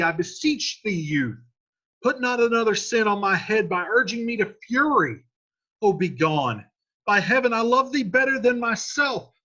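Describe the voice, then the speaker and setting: A man's voice: a little high, sharp tone, slightly rough, muffled recording, exaggerated voice. A man reading the part of a desperate, grief-stricken young male lover from a classic play aloud, in a pleading, urgent voice.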